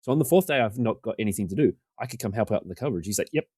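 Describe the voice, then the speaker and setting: A man's voice: fairly low pitch, expressive, very fast, warm tone, dry recording. A man, a podcast guest telling rambling, self-deprecating stories and acting out what people said. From New Zealand. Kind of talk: casual storytelling.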